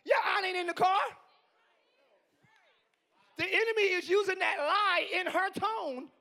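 A hoarse man in his forties preaching a live sermon as pastor, swinging from quiet musing to yelling. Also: extremely high pitch, unhurried. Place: church sanctuary.

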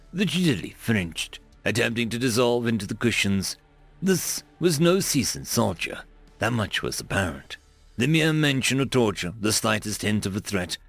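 A man reading a story aloud as the narrator, in an expressive, dramatic manner. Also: mid-range voice, no room sound.

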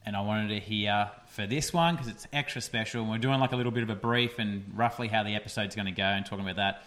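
A man's voice: fairly low pitch, fairly even intonation, fast, a bit bright. A young man hosting a casual podcast, chatty and rambling with lots of fillers. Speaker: podcast host. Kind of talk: casual solo podcast chat.

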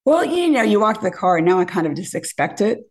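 A woman in her fifties chats her way through a story, voice of middling pitch. She is animated and acts out each quote, her pitch leaping up for the punchlines. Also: quick pace. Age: 50s. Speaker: podcast guest. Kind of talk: casual storytelling.

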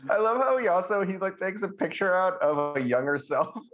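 A man's voice: sits high, animated, fairly quick, dull audio. Joking man on a movie podcast. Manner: joking, laughing easily. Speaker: podcast co-host. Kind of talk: casual movie review chat.

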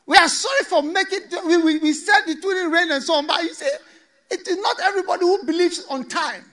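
A man's voice: extremely high pitch, brisk, bright, forceful tone, pitched above the performer's own voice. A man voicing a panicked drowning crowd that pleads for rescue, wailing and slipping into laughter. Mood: begging.

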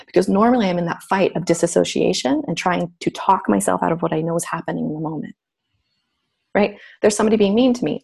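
Middle-aged woman guest, low husky voice with gravel, reflective storyteller who slips into quoted voices. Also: quick pace, a little mellow. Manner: reflective, acts out remembered voices. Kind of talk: candid personal storytelling.

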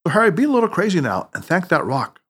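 A man reading the lines of a wise, playful male mentor in an audiobook, teasing and gently insistent. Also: sits high, big pitch swings, quick pace, slightly rough, voice pushed up, full character voice.

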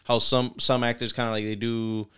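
A man co-hosting a podcast, thinking out loud in a rambling way with lots of "like" and "you know". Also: medium pitch, little pitch movement, normal speed, clear, resonant tone. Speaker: podcast co-host. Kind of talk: casual podcast chat.

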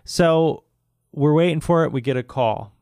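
A man telling a long, exasperated, profane story in a casual chat, sometimes mimicking other people in a high voice. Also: a little slow, darkish tone, clear, resonant tone, no room sound, clean studio sound. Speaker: podcast co-host.

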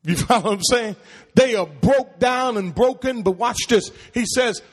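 A pastor with a very high, husky voice preaches unhurriedly, his intonation lively as he calls questions out for the congregation to answer. The call-and-response sermon takes place in a church sanctuary, and the recording carries a long hall reverb.

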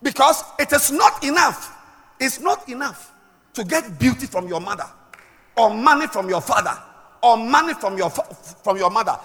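A middle-aged woman preaching a sermon, swinging between loud shouted emphasis and quiet, low asides. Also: lively intonation, normal speed. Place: large church hall. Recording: echoey hall with long reverb.

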